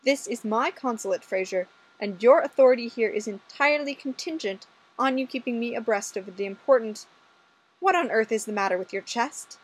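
A woman's voice: a little high, normal speed, husky, poor audio. A woman voicing a stern, imperious female superior officer who scolds a subordinate in a story reading. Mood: indignant.

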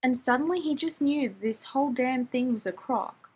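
A woman's voice: a little high, normal speed, few pauses, husky. A woman narrating a story in a wry, conversational way, with casual profanity. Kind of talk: audiobook narration of fiction.

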